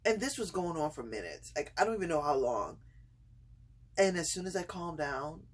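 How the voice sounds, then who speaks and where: A woman telling a personal story in a casual vlog from home. She talks hesitantly with many fillers and pauses, and gets excited and laughs as the story builds. Her throat is slightly itchy from screaming. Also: low-pitched, husky. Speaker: vlogger.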